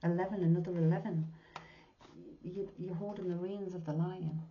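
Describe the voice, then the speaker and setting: On a dull lo-fi recording with a little hiss or hum, a medium in her sixties gives a tarot reading at normal speed. Her voice is lowish and steady, her manner earnest and heartfelt, and she often drops to a whisper.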